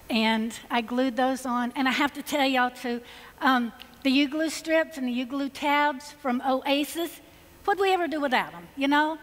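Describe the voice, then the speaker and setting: Woman, Georgia Southern accent, enthusiastic stage demonstrator, slightly high voice, long reverb in a large hall. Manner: chatty, enthusiastic, folksy. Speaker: floral designer presenting on stage. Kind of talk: live stage design demonstration.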